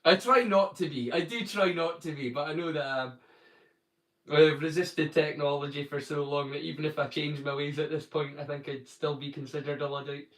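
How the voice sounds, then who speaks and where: He's a livestream watchalong host from northeast Scotland, talking casually and jokily with viewers in a Doric accent and greeting people by name. His voice is on the high side, steady and fairly bright, at normal speed. The sound is roomy, with him far from the mic.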